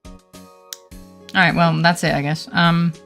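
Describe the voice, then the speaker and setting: Brief: woman streamer, casual rambling chat, vocal fry, faint game music under her. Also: fairly low pitch, level tone, unhurried, fairly bright tone. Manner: rambling, self-deprecating, mumbling asides. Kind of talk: casual gaming livestream chat.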